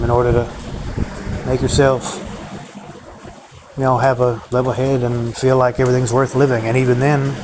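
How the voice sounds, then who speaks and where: Profane ranting man over background noise. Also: medium pitch. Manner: profane, bitter ranting, repetitive. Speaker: vlogger. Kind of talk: rambling solo monologue.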